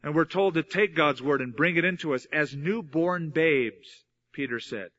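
A man delivers a sermon as a pastor, teaching earnestly and pressing his points through repetition. His voice sits a little high and has a bright, forward edge. The recording sounds dull and lo-fi. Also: normal speed. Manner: earnest, explanatory Bible teaching with emphatic repetition.

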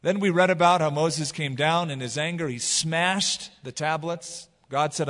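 A man preaching a sermon as pastor, retelling scripture in a casual, animated way. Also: a little high, a little slow, hardly any pauses, big-room sound. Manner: casual, animated storytelling with paraphrase.

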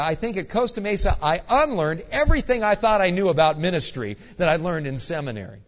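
A male guest pastor preaching a sermon, an animated, earnest storyteller with folksy asides. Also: fairly high pitch. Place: church sanctuary. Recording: dull echoey church hall recording.

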